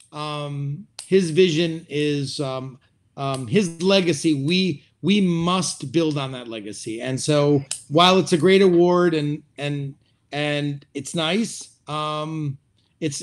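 Reflective middle-aged man, lightly higher voice. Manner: reflective, hesitant with many fillers. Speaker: restaurateur guest. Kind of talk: interview conversation.

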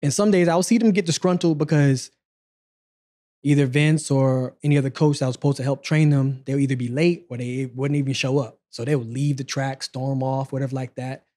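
A man in his forties, a guest on an interview show, telling stories from his past in a relaxed, conversational way. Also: mid-range voice, brisk. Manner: relaxed, conversational, acts out quoted dialogue. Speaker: interview guest, former sprinter. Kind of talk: casual storytelling interview.

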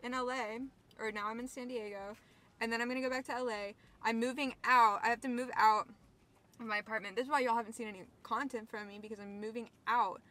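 Speaking fast in a slightly high, steady, sharp voice, a young woman films a casual beach vlog to camera. She's rambling and emotional, swearing freely as she addresses viewers, while faint outdoor sounds linger in the background.

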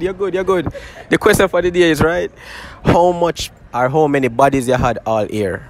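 A man's voice: a little high, a little fast. A man hosting a street interview outdoors in a city, teasing people with slang and jokes. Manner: joking, teasing, heavy slang.

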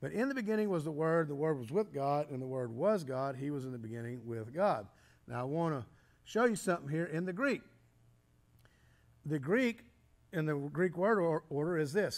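Man, slightly high voice, Bible study teacher, explanatory, halting restarts, clears his throat. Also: expressive. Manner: explanatory, poses and answers rhetorical questions.

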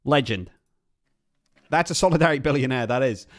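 A young man streaming, reacting excitedly to clips in a casual chat and repeating himself as he talks. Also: mid-range voice, brisk.

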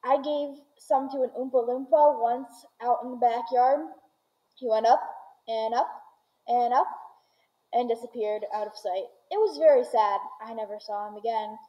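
An eccentric candy maker, put on by a woman reader, all boastful exclamations and hurry. His voice sits high, and the recording is dull and muffled. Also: normal speed, natural voice. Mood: gleeful.

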